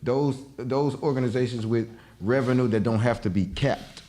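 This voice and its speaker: A man co-hosting a casual panel discussion, chatty and quick with agreeing interjections. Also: mid-range voice, dark tone.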